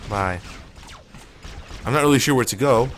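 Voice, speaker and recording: A man's voice: medium pitch, normal speed, slight background noise. A man streaming a shooter game live, rambling and opinionated as he plays. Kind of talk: casual live gameplay commentary.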